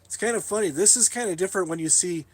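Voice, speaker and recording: A man's voice: high voice, quick pace, dry recording. Rambling man streaming from his workshop. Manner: rambling, self-mocking, laughs often. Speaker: live streamer. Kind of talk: casual live stream tour. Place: workshop in a shipping container.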